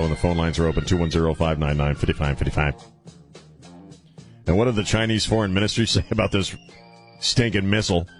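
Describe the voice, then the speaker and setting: A man hosting a casual talk radio show in a studio, rambling, joking and laughing with crude asides. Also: low voice. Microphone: studio mic.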